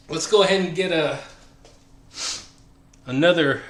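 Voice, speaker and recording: A man's voice: fairly high pitch, normal speed. Winded Southern man in an echoey gym. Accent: Southern American. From American South. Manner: rambling, filler-heavy, friendly shout-outs. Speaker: fitness channel host. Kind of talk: casual live-stream chat between workout sets. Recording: echoey room, voice far from the mic.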